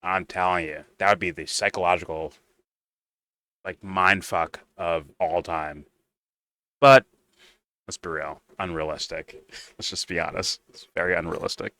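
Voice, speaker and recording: Man, low-ish bright voice, dry close sound; rambling profane reaction host. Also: steady tone, unhurried, long pauses. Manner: rambling, profane, mocking asides. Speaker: stream host. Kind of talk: casual reaction commentary.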